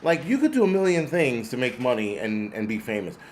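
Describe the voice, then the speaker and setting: A man's voice: medium pitch, very animated, brisk, slight background noise. A man hosting a show, ranting bluntly and sarcastically with plenty of profanity while answering viewer comments. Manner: sarcastic, exasperated. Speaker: host. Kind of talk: ranting commentary reading chat.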